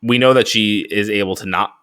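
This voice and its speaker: A man co-hosting a podcast in casual chat, halting with stumbling restarts. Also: fairly low pitch, a bit bright. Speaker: podcast co-host.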